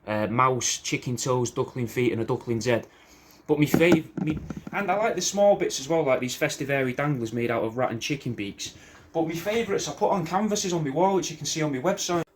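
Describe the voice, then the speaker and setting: A man, rambling through a deadpan sales pitch for his taxidermy art, slangy and swearing, saying "mate" a lot. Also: brisk, a little hiss or hum. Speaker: taxidermy artist showing his work.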